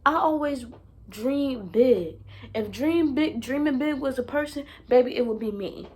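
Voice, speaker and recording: Blunt, profane young woman, slightly high voice. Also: measured pace, darkish tone, breathy edge. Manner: blunt and profane, swears freely; emphatic, repeats herself for effect. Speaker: self-help vlogger. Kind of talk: casual monologue to camera.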